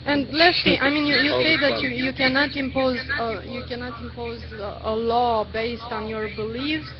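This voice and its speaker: A woman's voice: on the high side, fairly even intonation, moderate pace. A woman arguing earnestly in an online debate, hesitant and full of fillers. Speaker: debate participant. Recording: lo-fi webcam stream audio with crowd noise.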